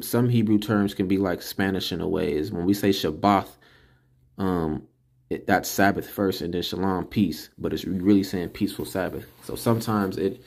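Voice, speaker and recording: Brief: low, gravelly male teacher, unhurried, drills syllables over and over in a casual screen-recorded lesson. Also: darkish tone. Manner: slow, repeats syllables to drill them. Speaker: religious teacher. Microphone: computer mic while screen recording.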